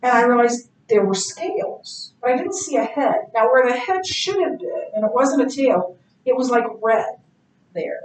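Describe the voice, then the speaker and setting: A middle-aged woman teaching a Bible class in a casual, animated way, telling stories and laughing easily. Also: a little high, moderate pace. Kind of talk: casual classroom lecture with anecdotes. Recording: echoey classroom, distant mic.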